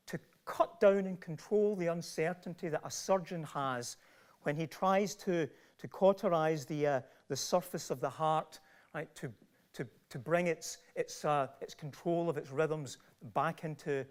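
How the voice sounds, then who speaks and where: Delivering a public talk, this middle-aged Glasgow-accented professor speaks a little slowly in a high-leaning, slightly mellow voice. He is emphatic and poses rhetorical question after rhetorical question.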